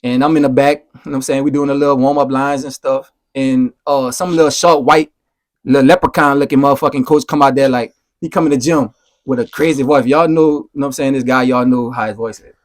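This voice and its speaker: A man in his thirties telling stories as a podcast guest, animated and profane, rambling through anecdotes. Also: medium pitch, fairly quick. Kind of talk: casual storytelling.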